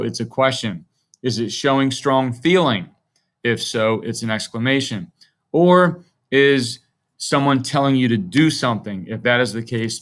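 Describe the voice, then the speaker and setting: A man's voice: medium pitch, fairly bright tone. Patient male teacher for young kids. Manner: friendly, patient, speaks to young children. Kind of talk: children's grammar lesson.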